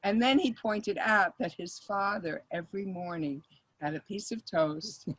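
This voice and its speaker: A woman's voice: medium pitch, unhurried, fairly bright tone, slight background noise, poor audio. An older woman, a mediator, speaking as a guest in an interview, telling stories in a reflective way and laughing often. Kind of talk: conversational interview.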